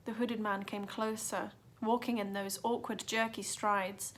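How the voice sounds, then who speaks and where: A woman's voice: mid-range voice, flat delivery, a little slow. A woman reading a children's adventure book aloud with dramatic expression. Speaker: narrator. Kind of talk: storybook reading.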